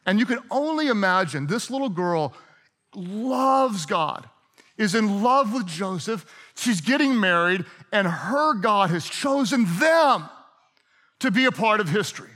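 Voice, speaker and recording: A man's voice: high-pitched, animated, unhurried, bright, forceful tone. A middle-aged man preaching a sermon, retelling a story in a playful, chatty way and laughing often. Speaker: pastor.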